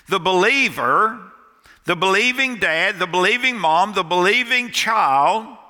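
A man's voice: high-pitched, sharp tone. A man preaching a sermon as pastor, emphatic and repeating key phrases for stress. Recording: long reverb of a church hall.

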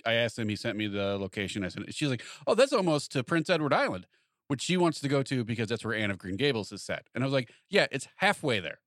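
A middle-aged man trading stories on a casual podcast, racing through them at a quick clip. His voice is bright and forward, and he bounces all over his range while he acts out what people said. The sound is close and dry. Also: mid-range voice, no echo. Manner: animated storyteller, acts out quotes in lively voices. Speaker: podcast co-host. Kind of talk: casual chat.

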